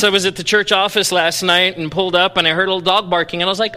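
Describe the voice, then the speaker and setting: A man preaching from the pulpit, his voice bright and forceful and set a little high for a man. He moves from loud, playful bursts down to low, intense passages. The sanctuary gives the voice a long, ringing reverb. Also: little pitch movement, fast, soft background music. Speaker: pastor. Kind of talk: sermon. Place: church sanctuary.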